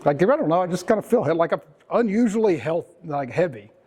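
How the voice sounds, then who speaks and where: A man's voice: sits high, lively intonation, fairly quick, darkish tone, breathy edge. A man, hosting and talking casually to a small group, rambling and self-mocking with some cursing and sarcastic mock voices. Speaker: host.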